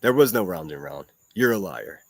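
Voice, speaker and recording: A man's voice: low voice, lively intonation, normal speed. A man hosting a solo livestream podcast, ranting and hurling mocking, profane insults at critics. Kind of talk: ranting commentary reacting to clips.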